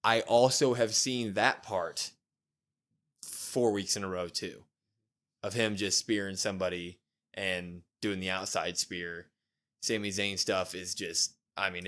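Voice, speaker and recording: A man co-hosting a casual wrestling review podcast, recapping the show and acting out what the wrestlers said. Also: low voice. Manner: animated retelling, acts out wrestlers' lines. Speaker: podcast co-host.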